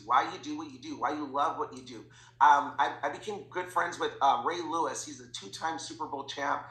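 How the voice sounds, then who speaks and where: A man talking as a guest in an interview, telling stories in an animated way and acting out the dialogue. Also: on the high side, echoey room, poor audio. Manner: animated, acts out quoted dialogue. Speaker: podcast guest, financial educator. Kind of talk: energetic storytelling interview.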